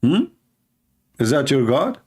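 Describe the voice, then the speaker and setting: A man's voice: mid-range voice, sing-song, takes it slowly, a little mellow, slightly rough. A middle-aged man with an Arabic accent hosts a livestream. His talk is combative and scornful, and he often drops into voicing both sides of a little exchange. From Middle East. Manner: mocking, combative, acts out little dialogues. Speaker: livestream host. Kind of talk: polemical livestream monologue.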